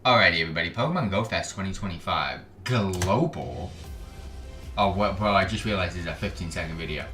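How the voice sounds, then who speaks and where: A man's voice: sits low, brisk, pushed and bright, reverberant, faint music behind. A man streaming casual reaction commentary, sarcastic and often trailing off mid-sentence. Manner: sarcastic, trailing off, self-interrupting. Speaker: gaming streamer reacting to videos.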